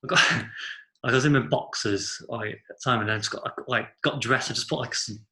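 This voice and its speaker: A man's voice: mid-range voice, a little fast, bright, forceful tone. A young man telling a rambling story among friends, full of 'like' and casual swearing. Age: young adult. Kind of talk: casual chat. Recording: roomy echo.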